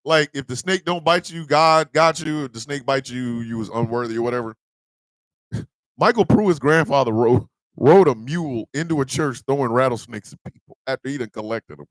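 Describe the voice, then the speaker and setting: A man hosting a radio morning show, telling a profane comedic rant in a loud, animated way. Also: medium pitch, normal speed, no room sound, studio quality. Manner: loud, animated, profane storytelling with mock voices.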